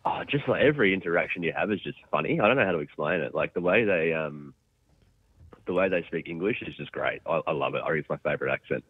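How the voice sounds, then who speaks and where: A man's voice: a bass voice, expressive, quick pace, slightly rough, no room sound. A young Australian man phoning in to a sports chat show, talking casually and plainly about his travels and organising a women's cricket competition. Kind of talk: casual phone interview. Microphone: phone. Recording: phone line.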